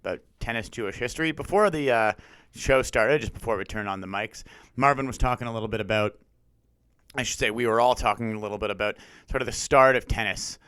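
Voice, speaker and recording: Man, podcast co-host, casual joking chat, smooth voice, dry studio sound. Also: mid-range voice, fast, dry recording. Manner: jokey, animated, slips into goofy radio-announcer voices.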